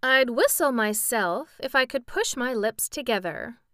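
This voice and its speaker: A woman's voice: a little high, lively intonation, measured pace, fairly bright tone, dry recording, studio quality, pitched above the performer's own voice. A woman voicing a polite, anxious man with a pumpkin for a head, speaking formally in a storybook reading. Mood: fretful.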